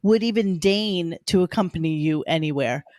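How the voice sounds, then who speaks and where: A woman's voice: fairly low pitch, moderate pace, a little mellow, no echo, studio quality. A woman hosting a podcast, sarcastic and theatrical in casual commentary.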